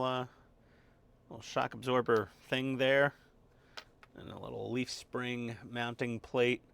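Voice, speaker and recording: Gravelly, pushed and bright, this mid-range male voice belongs to a hobby model-building channel host. He narrates casually, step by step, while building a model at his home workbench with a dog nearby, adding wry asides and muttered instructions.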